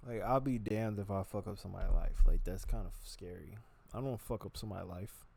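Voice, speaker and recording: A man's voice: low voice, quick pace, vocal fry, a little mellow, slightly rough. A young man vlogging in a loose, unscripted monologue to the camera. He swears freely and often breaks into acted-out quoted voices. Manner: rambling and profane, with sudden jumps into acted-out quoted voices. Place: on camera, gesturing with hands.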